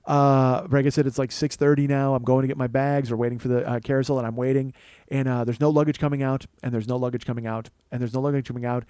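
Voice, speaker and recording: A man's voice: medium pitch, little pitch movement, fast talker, mellow, smooth, no room sound. A man telling a comic story as a podcast host, profane and ranting with mock paranoia.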